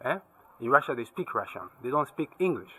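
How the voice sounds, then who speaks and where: A man's voice: mid-range voice, very animated, brisk, pushed and bright, husky, dry recording, low-quality recording. A man talking casually to camera as a vlogger, emphatic and lecturing, checking again and again that the viewer follows. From Zambia. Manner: keeps asking "you see what I mean?". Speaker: travel and tech vlogger.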